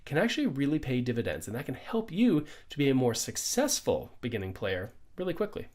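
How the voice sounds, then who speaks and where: A man's voice: medium pitch, very animated, brisk, heavy background noise. A middle-aged man, a pickleball coach, giving an upbeat conversational lesson full of rhetorical questions. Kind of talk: instructional explainer.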